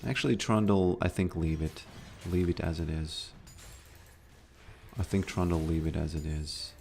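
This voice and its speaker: A man's voice: low-pitched, fairly even intonation, unhurried, creaky, a little mellow, slight background noise. A man from Latvia with a Latvian accent, chatting casually and rambling with many fillers while streaming a game. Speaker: gaming streamer. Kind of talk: casual live-stream chat while playing.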